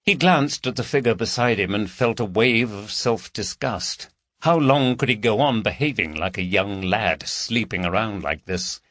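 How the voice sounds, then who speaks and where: A man narrating a crime audiobook in an expressive, lively reading. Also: lowish voice, normal speed, no echo.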